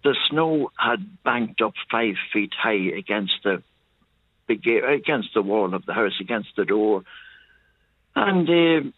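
An older man from County Monaghan with an Irish accent, calling in to a radio show and telling a long, detailed story at an unhurried pace. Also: fairly low pitch, animated, no echo. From Ireland. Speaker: caller. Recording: tinny phone line.

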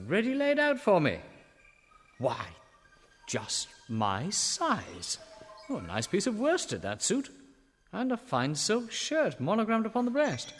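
A man's voice: fairly high pitch, a bit bright, in a large hall, heavily acted. A genteel young Englishman. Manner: genteel, chatty inner monologue. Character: polite young English gentleman traveler, bemused. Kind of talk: radio drama acting.

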